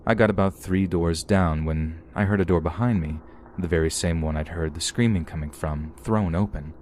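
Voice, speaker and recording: A man with a very low, deep voice reads a scripted horror story in an even, measured way. A faint hiss of noise sits under his narration. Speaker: podcast narrator.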